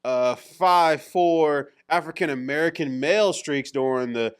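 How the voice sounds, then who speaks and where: A man's voice: on the high side, measured pace, clean tone. A man co-hosting a podcast, chatting casually and playfully steering the talk. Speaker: podcast co-host. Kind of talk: casual chat.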